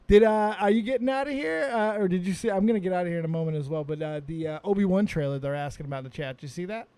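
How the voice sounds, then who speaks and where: A man hosting a call-in livestream, chatting casually in an excitable, profane way and laughing often. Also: high-pitched, very fast, smooth. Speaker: host of a call-in show.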